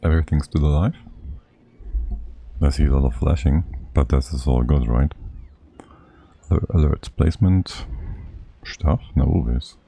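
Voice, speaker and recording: Male streamer, very deep and dark, unhurried casual thinking-aloud gameplay chatter, a little winded. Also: vocal fry, slightly rough. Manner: muttering to himself, thinking aloud. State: slightly out of breath. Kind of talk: casual live-stream commentary while playing.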